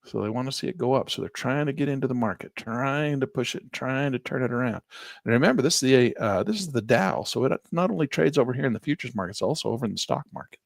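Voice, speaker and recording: A man's voice: medium pitch, lively intonation, fast talker, vocal fry, no echo. A middle-aged man teaching a live trading class, narrating chart moves in a teasing, playful way. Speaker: trading instructor.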